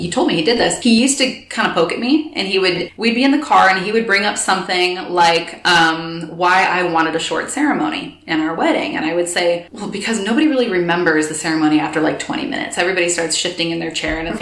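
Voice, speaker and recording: An American woman in an interview, retelling her story with animated, acted-out quotes. Her voice sits in the middle of the range, and the recording carries a noticeable roomy echo. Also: mid-range voice, fast, hardly any pauses. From United States. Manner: animated, acts out quoted dialogue. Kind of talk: personal storytelling.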